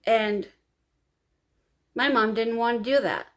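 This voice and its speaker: Tearful woman vlogging slowly. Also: on the high side. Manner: emotional, confiding, slow and halting. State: crying. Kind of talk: personal storytelling to camera.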